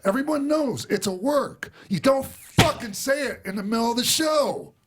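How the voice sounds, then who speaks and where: A man's voice: very high-pitched, lively intonation, normal speed, noisy background. A man hosting a podcast in casual chat, ranting heatedly and swearing often. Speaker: podcast host.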